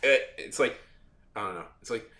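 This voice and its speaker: A man's voice: fairly low pitch, moderate pace, sharp tone, reverberant. A man who works as a videographer tells a story in a casual, rambling rant, with many restarts and free swearing. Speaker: videographer and editor.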